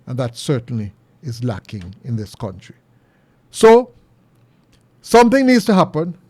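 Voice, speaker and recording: A middle-aged Jamaican man hosting a commentary show, talking earnestly and preachily, his pitch jumping high when he presses a point. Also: wildly swooping pitch, measured pace, darkish tone, no room sound. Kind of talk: opinion monologue.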